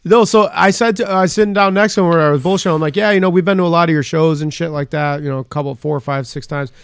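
Casting: adult man, slightly raised pitch, dry close sound, loose swearing storyteller. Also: quick pace, clean tone, no echo. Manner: profane, rambling, laughs often. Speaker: storyteller among friends. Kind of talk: casual chat.

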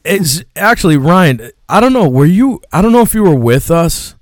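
Lively, animated man, swinging pitch. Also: normal speed, no room sound, studio quality. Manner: animated, profane, interjecting. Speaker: friend in the chat. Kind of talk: casual chat.

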